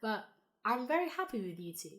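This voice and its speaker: Sick, hoarse woman co-hosting a podcast. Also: fairly high pitch, very animated, a little fast, crowd noise. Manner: steers the talk, holds back laughter. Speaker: podcast co-host. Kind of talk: casual chat.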